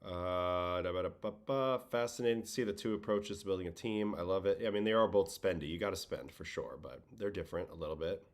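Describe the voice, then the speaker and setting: Speaking quickly in a low-pitched voice with hardly any pauses, a weary Brooklyn man and ex-pitcher hosts a laid-back livestream chat. He has a faint New York-Boston accent and reads viewers' chat questions aloud before answering.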